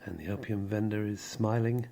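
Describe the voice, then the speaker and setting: A man calmly narrating a story in a slow, soft, drawn-out way, with pauses between phrases. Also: lowish voice, gravelly, slight background noise.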